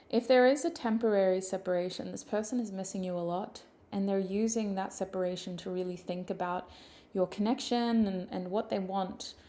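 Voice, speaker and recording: A woman giving a channelled tarot reading in a soft, intimate, emotional way, close to tears at times. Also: medium pitch. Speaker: tarot reader.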